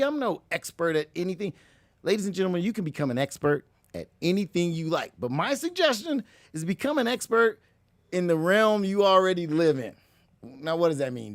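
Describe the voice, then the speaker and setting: Upbeat, lively high-voiced man. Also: no echo. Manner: energetic, preachy, slips into mock voices. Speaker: motivational show host. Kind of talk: motivational talk.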